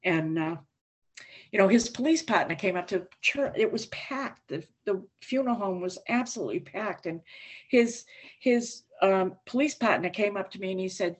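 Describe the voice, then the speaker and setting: A woman's voice: mid-range voice, moderate pace, husky. An older woman giving a recovery talk to a meeting, telling her story in a plain, candid way with a dry wit. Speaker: AA speaker. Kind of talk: recovery share.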